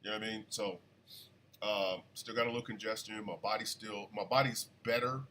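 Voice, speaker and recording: A man hosting a casual live radio show, chatty and animated, still congested from an illness. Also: fairly low pitch, a little fast, a little hiss or hum. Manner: chatty, animated, shouts at his dogs. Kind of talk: casual livestream talk radio.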